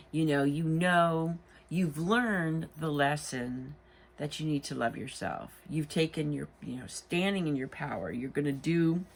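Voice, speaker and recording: Low, lively-voiced woman reading tarot. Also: husky. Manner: rambling, chatty with many "you know" asides. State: tired, late at night. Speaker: tarot reader.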